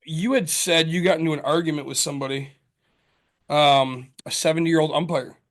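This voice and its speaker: A man's voice: a little high, steady tone, moderate pace. A man co-hosting a casual podcast chat, heated and profane, telling stories with acted-out quotes. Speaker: podcast co-host.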